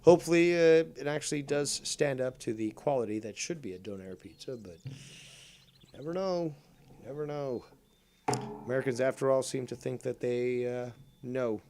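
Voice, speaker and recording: A man's voice: medium pitch, lively intonation, moderate pace, darkish tone, slight background noise. A man from Canada hosting a gaming stream, teasing and swearing as he rambles on a computer mic. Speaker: streamer host. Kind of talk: casual gaming stream chat.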